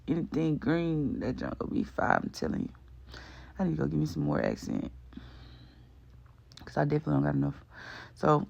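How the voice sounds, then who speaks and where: A cooking vlog host with a creaky, mid-range voice narrates his cooking video in a casual, slangy voice-over, rambling along with lots of fillers. The sound is lo-fi.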